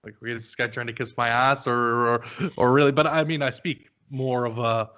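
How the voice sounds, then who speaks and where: A man's voice: medium pitch, steady tone, fairly quick, bright, forceful tone, clean tone. A man hosting a podcast, chatting casually, swearing now and then and laughing as he tells stories. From Canada. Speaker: podcast host.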